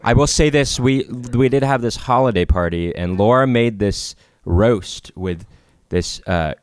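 A man's voice: medium pitch, unhurried, smooth, no echo, studio quality. A man who is a musician guest on a casual podcast, telling stories wryly and mimicking people. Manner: wry, storytelling, does mocking voices.

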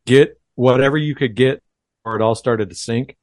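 A man's voice: mid-range voice, moderate pace, a little mellow. A man co-hosting a casual podcast chat, blunt and opinionated in an offhand way. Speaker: podcast co-host.

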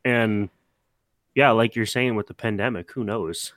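A young man co-hosting a casual podcast, telling animated, swear-filled stories in a relaxed chat. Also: on the low side, measured pace, dry recording. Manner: animated storytelling, swears, mimics himself. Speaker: podcast co-host.

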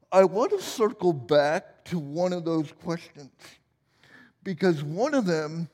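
A man's voice: fairly high pitch, darkish tone, big-room sound. A man in his forties preaching a sermon as pastor, playful and joking at his own expense. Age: 40s. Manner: playful, self-deprecating humor.

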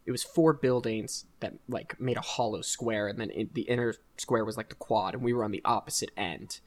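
A young man hosting a podcast, telling a college story in a casual, rambling, animated way with frequent laughter. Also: lowish voice, brisk. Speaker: podcast host.

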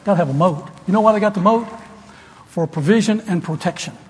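An older man preaching a sermon to students, folksy and storytelling, rising now and then to loud emphasis. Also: high-pitched, fairly quick. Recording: long hall reverb, faint room noise.

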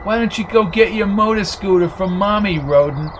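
Man putting on a loud brash tough guy. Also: high voice, normal speed, slight background noise, pitched above the performer's own voice, lightly acted. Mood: yelling. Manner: yelling, insulting.

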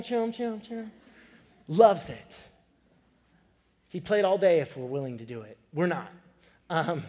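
A man in his thirties preaching a sermon, telling a family story with animated, building emphasis. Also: on the high side. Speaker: pastor. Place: church sanctuary. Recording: long hall reverb.

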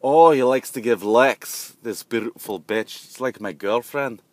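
A man's voice: medium pitch, dry recording, lightly acted. A man doing a drunk, gushing European guy. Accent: put-on European. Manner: emphatic, slow, slurring. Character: drunk swaying European man, loud and cheerful.

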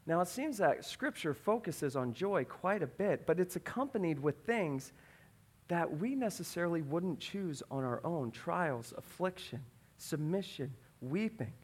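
Animated high-voiced male pastor. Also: measured pace, slightly rough. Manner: animated, acts out voices in his story. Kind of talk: sermon with personal story.

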